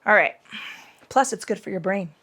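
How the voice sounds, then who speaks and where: A woman's voice: mid-range voice, animated, normal speed, a bit bright. A woman leads a casual yoga session with plenty of swearing. She cues poses and breathing, keeps drifting into rants and back, and drops to a whisper for some of the cues. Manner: profane, ranting, cues moves between tangents. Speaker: yoga instructor. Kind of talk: casual guided yoga class.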